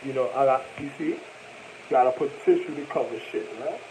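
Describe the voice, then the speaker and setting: A young man telling a rambling, animated personal story in profane street slang, full of repetitions and asides. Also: mid-range voice, a little fast, slight background noise, rough recording. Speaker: vlogger.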